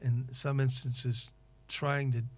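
A man interviewing in casual conversation, rambling and halting with many fillers and restarts. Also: mid-range voice, flat delivery, a little mellow.

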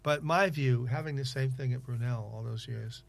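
A man interviewing in casual conversation, rambling and halting with many fillers and restarts. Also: medium pitch, creaky.

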